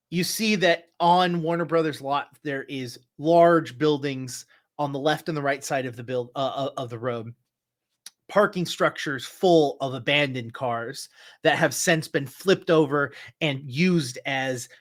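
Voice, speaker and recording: Slow-talking male game master. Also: a little high. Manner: slow, searching narration with fillers and restarts. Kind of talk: narrating a tabletop game.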